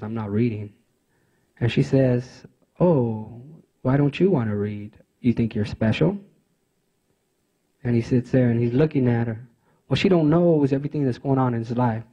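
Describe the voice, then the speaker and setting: Earnest man telling his story, soft-toned. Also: mid-range voice, highs cut off. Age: adult father of teenage sons. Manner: earnest, halting, with many fillers and restarts. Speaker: conference speaker. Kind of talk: personal storytelling speech.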